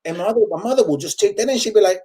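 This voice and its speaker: His voice is high-pitched, warm, and slightly rough, with lively intonation and a rapid-fire delivery. He's a comedian in his forties with a Puerto Rican accent, chatting casually as a guest, hopping between English and Spanish with many fillers.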